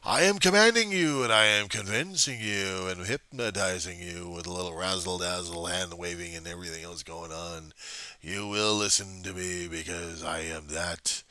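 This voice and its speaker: A man voicing a manic male hypnotist preacher who commands the masses in a booming, theatrically unhinged way, recorded on a webcam at home. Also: moderate pace, pushed and bright, dry recording. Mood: slow commanding.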